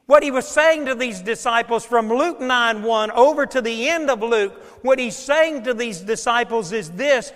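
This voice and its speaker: A man with a high voice preaches to a congregation, his words trailing off into a long hall reverb. He swings from loud, emphatic declarations to hushed, quiet asides as he works through scripture. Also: moderate pace, hardly any pauses. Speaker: pastor. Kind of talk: sermon.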